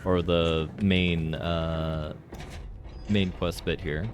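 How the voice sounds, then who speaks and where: A man's voice: sits low, flat delivery, very slow, background noise. A man streamer giving casual live gameplay commentary, rambling and joking with lots of fillers. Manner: rambling and jokey, heavy on fillers.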